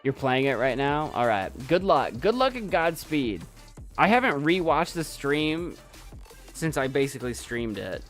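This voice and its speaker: A man's voice: a little high, very animated, a little slow, soft background music. A young man streaming from his desk at home, chatting casually in a rambling, self-doubting way and repeating himself. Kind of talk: casual live-stream chat.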